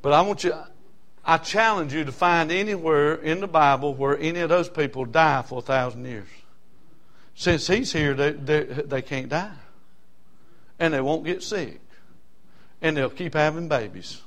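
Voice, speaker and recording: A man from South Carolina with a Southern accent, preaching a sermon in rhythmic bursts with call-and-response amens, swinging from loud shouts to quiet asides. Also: a little high, unhurried, pauses often. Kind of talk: fiery sermon.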